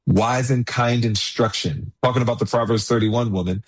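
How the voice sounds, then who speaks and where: A pastor with a husky, mid-range voice delivers an earnest sermon at a moderate pace. He reads passages aloud, then speaks freely, sprinkling in lots of "you know"s.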